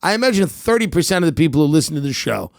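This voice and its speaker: A man hosting a podcast, delivering a deadpan comedic rant with dark humor. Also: fairly high pitch, rapid-fire, gravelly, no room sound, studio quality. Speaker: podcast host.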